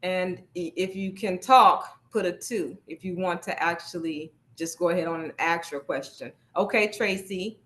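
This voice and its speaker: A woman's voice: fairly low pitch, normal speed, few pauses, a bit bright, slight background noise. Woman instructor, casual and encouraging, leads an online class over a video call. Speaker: workshop instructor. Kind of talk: live online workshop teaching.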